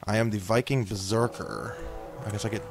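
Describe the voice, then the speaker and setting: A man commenting casually on his gameplay, slipping into hammy pirate and Viking threats and yelling at the game. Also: lowish voice, fairly even intonation, a little fast, over music. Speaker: gaming video host.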